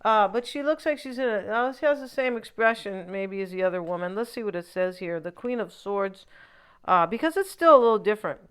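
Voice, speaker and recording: Rambling tarot reader, a woman with a smooth voice. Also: medium pitch, fairly quick. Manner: rambling and opinionated, with frequent asides. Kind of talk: casual tarot reading monologue.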